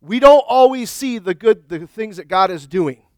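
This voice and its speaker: A man's voice: high-pitched, animated, moderate pace, a little mellow, dry recording, studio quality. A man preaching a sermon as pastor, earnest and emphatic, with frequent restarts. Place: church sanctuary.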